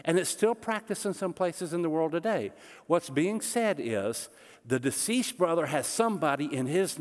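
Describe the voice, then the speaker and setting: A man's voice: fairly high pitch, big-room sound. A middle-aged man preaching a sermon, explaining scripture in a conversational way with touches of humor. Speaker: pastor.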